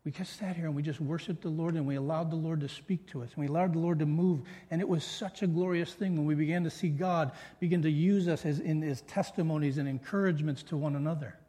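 A middle-aged man preaching a sermon in an earnest, storytelling way. His voice sits a bit high for a man. It rings out with a long hall echo in a church sanctuary. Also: steady tone, quick pace, hardly any pauses, mellow. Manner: earnest preaching with personal stories. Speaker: pastor.

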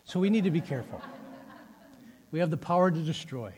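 A middle-aged man preaching a sermon, telling a personal story with animated delivery and laughing at himself. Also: on the high side, a little fast, background noise. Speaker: pastor.

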